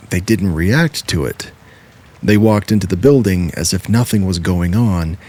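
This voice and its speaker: A man with a very low, deep voice reads true horror stories aloud. His delivery is steady and measured, like scripted narration.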